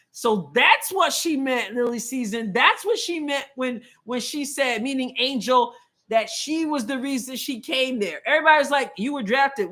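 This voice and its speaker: A woman with a high voice hosts a live basketball watch-along stream. She talks casually and opinionatedly. She mixes quick play-by-play asides with reading viewer comments aloud. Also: a bit bright. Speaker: show host.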